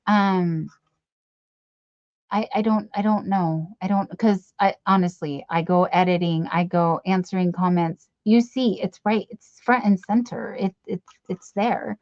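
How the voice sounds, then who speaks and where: A woman's voice: medium pitch, steady tone, measured pace, a little mellow, no echo, lo-fi sound. A middle-aged woman hosting a late-night live stream, chatting and reading out comments in a rambling, giggly, affectionate way with lots of fillers. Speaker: livestream host.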